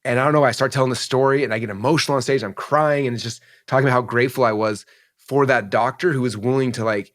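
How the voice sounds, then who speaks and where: A man in his forties tells a personal story as a podcast guest, talking quickly and rambling with many fillers. His voice sits at an ordinary middle pitch, and he sounds emotional and open. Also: fairly even intonation. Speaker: entrepreneur guest. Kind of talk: candid interview storytelling.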